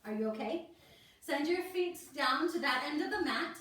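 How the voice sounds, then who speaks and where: High-voiced woman teaching kids yoga. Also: lively intonation, moderate pace, a bit bright, distant mic. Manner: encouraging, talks children through poses step by step. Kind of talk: leading a kids yoga class. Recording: echoey room, voice from off the mic.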